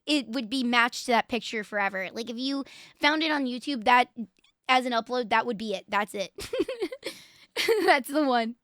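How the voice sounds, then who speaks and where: A young woman hosting a live stream and reacting in casual commentary, excitable and profane, often breaking into laughter. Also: a little high, no room sound, clean studio sound. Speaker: livestream host.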